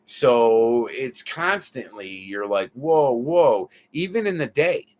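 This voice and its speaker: An American man tells his story as an interview guest, in a voice of ordinary middle pitch. He talks in a lively, casual way, swearing freely and dropping filler asides as he goes. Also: slow pace. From United States. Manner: animated, profane, lots of filler asides.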